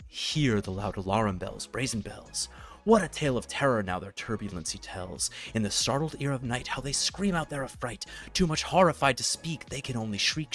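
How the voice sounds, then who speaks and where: A medium-pitched man hosting a live-streamed tech setup tutorial reads verse expressively, swelling loud and sinking soft. Then he shifts to casual chat, thinking aloud with fillers as he works.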